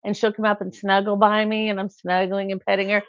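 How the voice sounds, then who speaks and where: A woman's voice: medium pitch, little pitch movement, a little fast, no room sound, muffled recording. A middle-aged woman chatting casually on a live stream, rambling through stories. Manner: chatty, rambling, acts out quotes with laughs.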